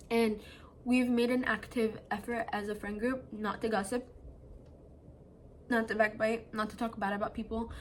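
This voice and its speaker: A young adult woman vlogger sits indoors at home at night, chatting casually to her phone camera. Her mid-range voice carries a little hiss or hum, and she comes across as earnest and chatty, dropping plenty of "like" fillers.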